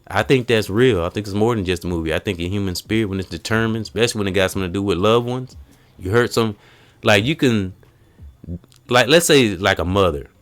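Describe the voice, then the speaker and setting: A man hosting a casual podcast, telling stories in an animated way and acting out quotes. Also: on the low side, a little fast. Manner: animated storytelling, acts out quotes. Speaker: podcast host.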